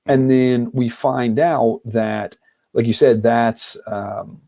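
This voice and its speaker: A man co-hosting a relaxed film-discussion podcast, his voice mellow and darkly toned. He rambles and thinks aloud, circling his points with little fillers. Mid-pitched and easygoing. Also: takes it slowly, no room sound, studio quality. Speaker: podcast co-host. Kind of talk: casual film-discussion chat.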